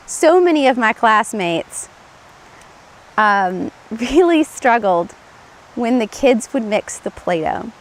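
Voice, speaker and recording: A TV show host who used to be a play therapist speaks to camera in a casual, instructional way. Her fairly high voice is earnest and conversational, with light laughs and restarts.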